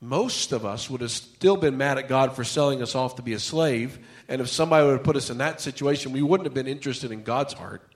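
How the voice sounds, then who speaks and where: A man's voice: medium pitch, brisk, few pauses. A male pastor preaching a conversational sermon, telling Bible stories and acting out the characters' lines. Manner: conversational storytelling, acts out quotes.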